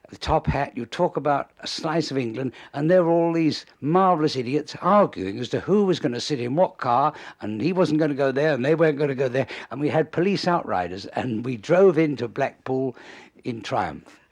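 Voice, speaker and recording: An older man with a gravelly, husky voice, spinning lively anecdotes as an interview guest. He tells his stories with relish and chuckles along at them. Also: mid-range voice, normal speed. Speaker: comedy writer, interview guest. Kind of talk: anecdotal storytelling.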